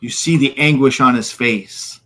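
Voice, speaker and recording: A man's voice: medium pitch, measured pace, fairly bright tone. A man narrating as game master, vividly describing scenes with occasional fillers.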